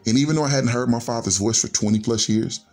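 A man's voice: medium pitch, fast talker, a little mellow. A middle-aged man from Chicago telling a personal story in an earnest, conversational way, often linking thoughts with "and so". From Chicago, USA. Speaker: storyteller guest.

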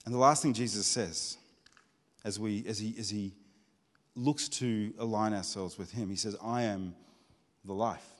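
A man's voice: lowish voice, unhurried, long pauses. A man giving a sermon in an earnest, conversational way, often repeating words as he builds toward a point. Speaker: preacher. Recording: reverberant hall.

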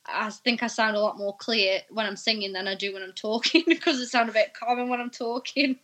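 A woman's voice: on the high side, brisk, fairly bright tone. A woman from Bristol chatting as an interview guest, giggly and self-deprecating. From Bristol, England. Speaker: musician guest. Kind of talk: casual interview chat.

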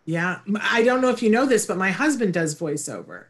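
A woman's voice: mid-range voice, animated, fairly quick. Effusive woman host interviewing a guest. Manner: enthusiastic, effusive praise. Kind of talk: casual interview.

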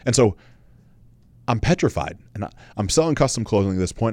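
A man in his thirties with a fairly low voice tells his own story on his podcast. He speaks candidly and earnestly, repeats phrases for emphasis and swears now and then. The sound is dry and close, with no room around it. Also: big pitch swings, fast talker, a little mellow, dry recording. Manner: candid, conversational, swears casually. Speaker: podcast host. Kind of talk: personal storytelling monologue.

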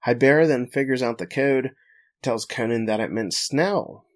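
Podcast host, male, mid-pitched, summarizes the plot with a laugh now and then. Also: measured pace. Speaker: podcast host recapping an anime episode. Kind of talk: casual recap chat.

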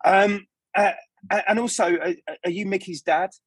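A man's voice: high-pitched, fairly even intonation, moderate pace, no echo. A man, a stage actor guesting on a podcast, telling casual anecdotes about his career with lots of restarts and asides. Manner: rambling, self-interrupting anecdotes with many restarts. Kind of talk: casual interview storytelling.

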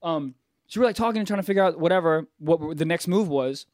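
A man's voice: a little high, quick pace, dry recording. A man comedian telling crude jokes and stories in casual podcast banter, on a close, dry mic. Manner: crude, joking, animated storytelling.

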